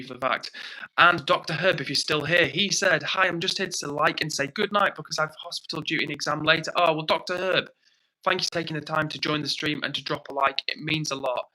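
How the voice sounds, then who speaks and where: A young British man hosting a livestream, chatting casually, reading out viewer comments and thanking people warmly. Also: on the high side, low-quality recording. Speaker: livestream host.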